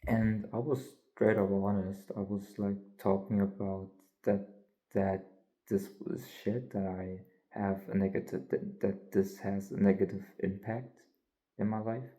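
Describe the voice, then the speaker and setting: A man's voice: on the low side, level tone, measured pace, dark tone, rough recording. A young man, a college student, talking candidly in a rambling, filler-heavy way with some yawning. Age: young adult. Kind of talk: casual vlog monologue.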